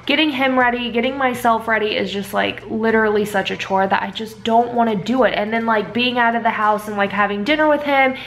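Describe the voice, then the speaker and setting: A woman's voice: on the high side, fairly quick, hardly any pauses, fairly bright tone. A tired young woman and mother in a casual vlog, talking at home in a weary, rambling way with lots of "like.". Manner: weary, rambling, heavy use of "like". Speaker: vlogger and mother.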